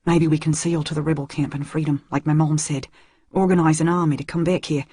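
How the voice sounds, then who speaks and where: A tense, protective young man speaks in a low, hushed rush, as a woman puts him on. The tone is husky and close-miked, with no room around it. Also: fairly even intonation, brisk, no echo. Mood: hushed urgent.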